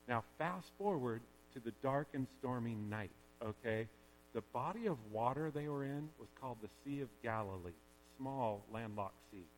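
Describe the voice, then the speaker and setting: A man preaching a sermon in a chatty, joking way that drops now and then to quiet, earnest passages. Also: mid-range voice. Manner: conversational and joking, with sudden quiet stretches. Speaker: pastor. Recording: long hall reverb with faint hum.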